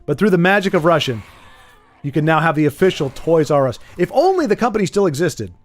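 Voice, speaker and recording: A man's voice: fairly high pitch, big pitch swings, fast talker. A man streaming a card game live, chatting casually, rambling and joking about himself while answering his chat. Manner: rambling, playful, self-deprecating, answers chat.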